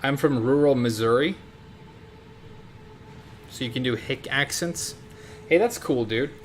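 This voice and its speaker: A man's voice: mid-range voice, unhurried. Chatty Swedish-accented man streaming a game. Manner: chatty, talks to viewers and in-game characters. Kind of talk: casual live gameplay commentary. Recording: steady background noise.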